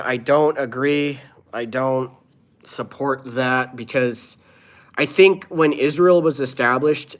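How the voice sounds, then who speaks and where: A man's voice: medium pitch, fairly bright tone. A man who is a comedian, live streaming and answering his viewers' chat in an earnest, opinionated way.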